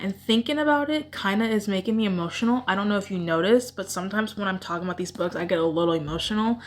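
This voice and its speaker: Woman, book vlogger, casual chat, gushing, rambling, emotional. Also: medium pitch.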